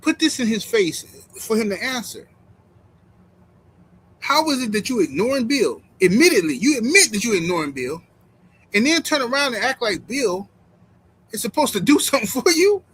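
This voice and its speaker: A man's voice: very high voice, very animated, moderate pace, pauses often, fairly bright tone, slight background noise, poor audio. A man hosting a boxing reaction stream, talking bluntly and mockingly straight to his viewers. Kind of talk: casual live-stream commentary.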